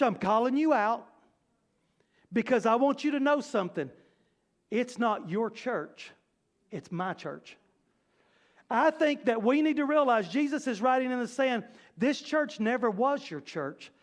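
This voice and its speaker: A man preaches to his congregation. His voice sits unusually high for a man, and he talks in an animated, conversational way with playful asides. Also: moderate pace. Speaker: pastor. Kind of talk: sermon. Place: church sanctuary.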